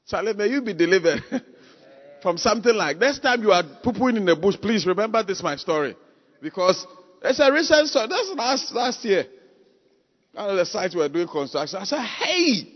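A man preaches with a high, lively voice that swings up and down, husky at the edges. His sermon is full of animated stories and sudden loud cries. The sound is dull and lo-fi, ringing in a long church-hall echo. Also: moderate pace, pauses often.

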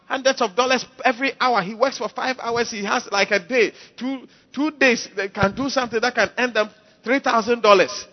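A man's voice: very high voice, normal speed. A man preaching a sermon, emphatic and repeating phrases to the congregation. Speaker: pastor. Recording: dull lo-fi sound.

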